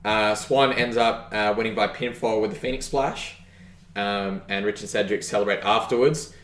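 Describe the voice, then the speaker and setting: A man's voice: lowish voice, fairly even intonation, normal speed, a bit bright, roomy sound. A man co-hosting a podcast, rambling through a casual wrestling recap with lots of fillers and real enthusiasm. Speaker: podcast co-host.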